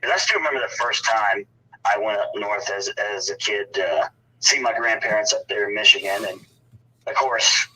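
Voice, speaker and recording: A man's voice: on the low side, moderate pace, sharp tone, a little hiss or hum. A man with a Southern US accent, co-hosting by phone in a casual chat, blunt and profane. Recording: distant tinny phone line.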